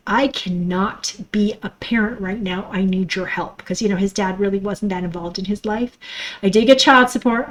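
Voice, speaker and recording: A woman's voice: medium pitch, poor audio. A middle-aged woman hosting a podcast, talking in a raw, emotional personal monologue, swearing freely and acting out her own thoughts, with a stuffy nose. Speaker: podcast host.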